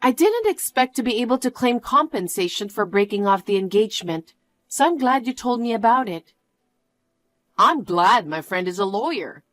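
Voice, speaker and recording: A woman's voice: fairly high pitch, lively intonation, moderate pace, no room sound. A young woman telling her own story in a one-voice narration, outspoken and indignant. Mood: calm. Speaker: storyteller, main character.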